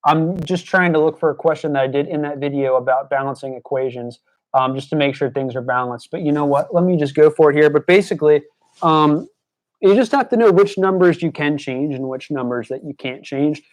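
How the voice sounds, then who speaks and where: Fast-talking young man tutoring live. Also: on the high side. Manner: chatty, many fillers and restarts; scolding, exasperated at trolls in chat. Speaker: GED tutor streaming live. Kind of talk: live-streamed lesson, casual talk to chat. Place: indoors at his desk by a screen.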